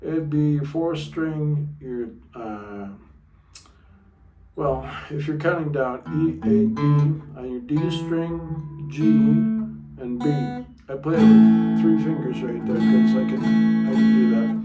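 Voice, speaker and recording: A man teaches guitar in a loose, thinking-aloud way, often stopping to check his notes. He sounds a little far from the mic in an echoey room, with loud guitar playing behind him. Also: medium pitch, slow, highs cut off. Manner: talks with a pick in his mouth at times. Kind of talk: casual guitar lesson.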